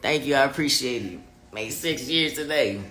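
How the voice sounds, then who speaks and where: A vlogger chats live with his viewers and reads their comments, candid and blunt, swearing freely and stressing his points hard. His medium-pitched voice is bright and forward, at a normal speed, animated and emphatic. The room echoes, and faint music plays underneath.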